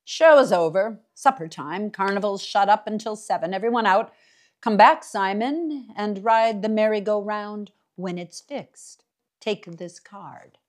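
A woman's voice: lowish voice, extremely slow, long pauses, a little mellow, full character voice. A woman reading aloud, voicing a menacing tall male carnival owner who gives curt, commanding orders.

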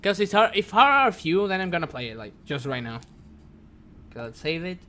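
A man whose first language is Spanish, streaming a game live in broken English, jumpy and quick to yelp and curse when startled. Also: high voice, sing-song, pushed and bright. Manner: broken, non-native English.

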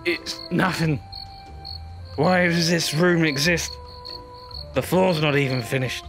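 A man's voice: fairly high pitch, takes it slowly, pauses often, over music. A man giving theatrical, rambling commentary on a VR game while hamming up a drunk character. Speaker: VR gameplay streamer. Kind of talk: comedic VR gameplay commentary.

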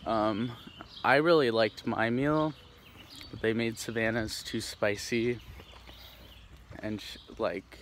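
A man's voice: fairly low pitch, steady tone, slow, pauses often, a bit bright. A young man from the Pacific Northwest, vlogging casually while walking through a neighborhood, rambling with lots of fillers and restarts. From Tacoma, Washington, USA. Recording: faint outdoor background noise.

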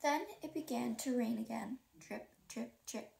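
A woman reading a children's storybook aloud, lively and playing up the sound words and dialogue. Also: on the high side, unhurried, gravelly, echoey room, far from the mic, background noise. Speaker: reader.

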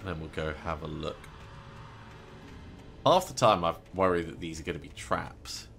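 A man with a very deep, gravelly voice talks through his gameplay in a relaxed, wry way. Faint noise sits behind his voice. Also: moderate pace. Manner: wry, joking asides. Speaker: let's play host. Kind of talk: casual gameplay commentary.

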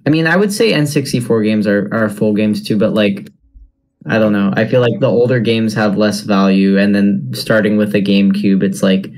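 Low-voiced young man, hesitant chatter. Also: normal speed, a little mellow. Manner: hesitant, filler-heavy opinions. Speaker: podcast guest. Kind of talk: casual podcast chat.

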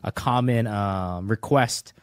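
A man's voice: on the low side, slow, smooth, no echo. A man reading an audience question to the hosts, with some hesitation. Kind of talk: casual chat.

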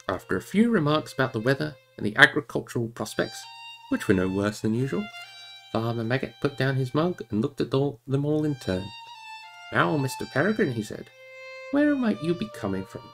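Male livestream reader: expressive, swinging delivery with a gravelly edge. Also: mid-range voice. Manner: expressive, animated reading. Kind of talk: reading a novel aloud on a livestream.

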